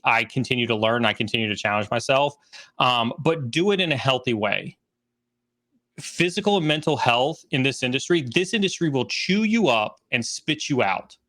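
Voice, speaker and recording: Bright-voiced emphatic man. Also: medium pitch. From United States. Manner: earnest, emphatic, repeats phrases. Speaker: guest, cybersecurity trainer. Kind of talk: livestream interview talk.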